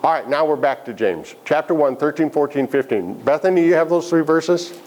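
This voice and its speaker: A man's voice: fairly high pitch, lively intonation, a little fast, a little mellow. A man leading a Bible study class, asking the group questions and making joking asides. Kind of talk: interactive Bible lesson.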